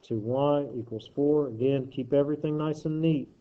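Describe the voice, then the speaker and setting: A man's voice: fairly high pitch, normal speed. Male math teacher, casual worksheet walkthrough, jokey and self-correcting, slightly muffled audio. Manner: joking asides while working problems aloud; thinks aloud, self-correcting.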